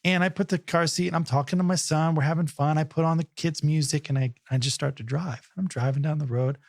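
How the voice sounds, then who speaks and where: A man's voice: on the high side, fast, no echo, clean studio sound. A man in his forties co-hosting a podcast, telling a story in casual chat and acting out the voices. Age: 40s. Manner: animated storyteller, acts out voices and laughs. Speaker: podcast co-host.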